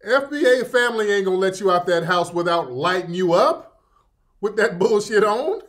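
A man's voice: high-pitched, moderate pace. A man hosting a live talk show, commenting with laughter and mockery, then reading plugs for products. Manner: laughing, mocking, animated ad reads. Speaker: host.

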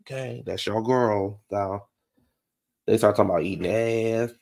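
A man with a gravelly voice, pitched a little low, hosts a reality show recap. He talks in a sassy, gossipy way and keeps calling his listeners baby and honey. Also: a little slow, darkish tone.

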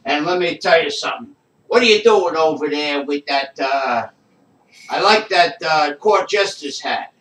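A man voicing a brash Italian-American male chef from New Jersey, with gruff wise-guy bluster and a Jersey Italian-American accent. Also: fairly high pitch, expressive, a little slow, a bit bright. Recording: echoey room, voice far from mic.

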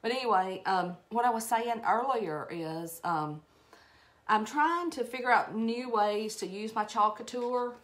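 A middle-aged woman with an Alabama Southern accent hosts a craft live-stream, demonstrating a project for viewers. Her voice is on the high side and unhurried as she chats and rambles casually, greeting viewers and laughing at herself.

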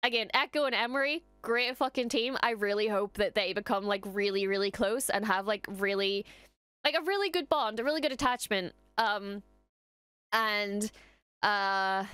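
A woman's voice: medium pitch, normal speed, pushed and bright, clear, resonant tone, no room sound. A woman hosting a reaction video, talking casually and emotionally, swearing freely and trailing off as she gushes. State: emotional after watching. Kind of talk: casual post-episode reaction chat.

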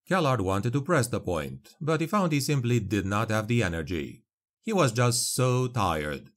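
A man narrating a dark fantasy audiobook in a grave, measured way. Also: lowish voice, lively intonation.

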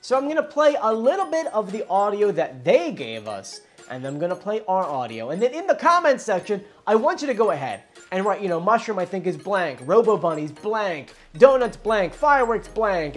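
Chatty, lively woman host. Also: mid-range voice, normal speed, hardly any pauses, faint music behind. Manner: enthusiastic, chatty. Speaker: channel host. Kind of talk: casual explainer.

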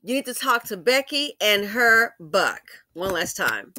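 A woman's voice: medium pitch, sing-song, unhurried, pushed and bright, slight background noise. A woman host giving casual commentary on a commercial, emphatic and repeating her points with rhetorical questions.

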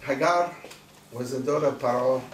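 A man's voice: medium pitch, normal speed. A man, a rabbi, giving a sermon, emphatic and repeating rhetorical questions. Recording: roomy distant recording, faint noise.

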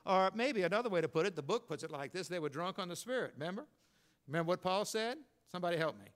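An older pastor with a drawl delivers his sermon in a folksy, storytelling way. His voice sits a little high for a man. He builds to emphatic points and then drops to a low, confiding tone. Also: animated, quick pace.

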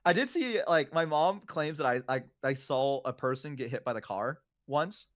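A man's voice: medium pitch, animated, normal speed, fairly bright tone, no echo. Young guy rambling thru a story w lots of likes and ums, dry mic. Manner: rambling, many fillers and restarts. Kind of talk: casual chat, storytelling.

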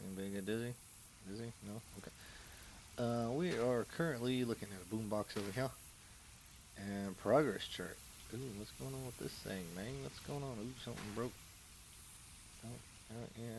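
A man's voice: on the low side, moderate pace, a little hiss or hum, rough recording. A man doing casual let's-play commentary, joking, rambling and reading in-game notes aloud. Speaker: gameplay commentator.

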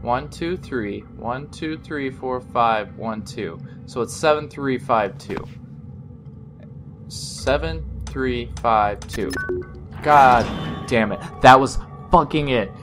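A man's voice: mid-range voice, slow. A man commenting on a horror game he is playing, frustrated and sarcastic and swearing often. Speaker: gaming video host. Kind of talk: let's play commentary. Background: game music.

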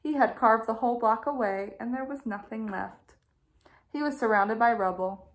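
A woman teacher reading a children's storybook aloud in a gentle, expressive way. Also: a little high, normal speed.

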